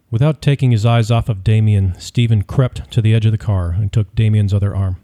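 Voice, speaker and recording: A man reading a story aloud as narrator, in a steady, measured delivery. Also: fairly low pitch. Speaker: audiobook narrator. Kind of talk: scripted narration.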